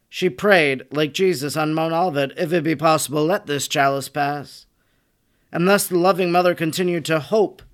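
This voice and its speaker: A man narrating a religious text as an audiobook in a solemn, measured way. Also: a little high.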